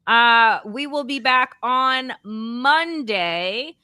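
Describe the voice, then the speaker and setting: A woman's voice: on the high side, extremely slow, clean tone, dry recording. A woman hosting a political talk show, signing off with effusive thanks to viewers and her co-host. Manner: warm, effusive sign-off. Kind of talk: casual chat, show sign-off.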